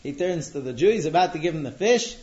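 A man telling a traditional religious tale in a relaxed way, pausing on fillers. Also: on the high side. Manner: relaxed, with frequent fillers and restarts. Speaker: storyteller. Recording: dull lo-fi recording.

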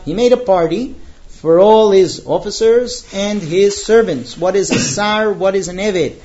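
High-voiced man teaching scripture, lo-fi. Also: warm tone. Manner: chants the Hebrew verse slowly, then translates and storytells with quoted dialogue. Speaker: Torah teacher. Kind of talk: Torah class, explaining verses.

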